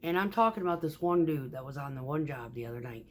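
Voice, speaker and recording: Low-voiced woman telling work stories. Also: fast talker. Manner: profane, animated, acts out quoted voices. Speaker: concrete mixer truck driver. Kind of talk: casual storytelling vlog.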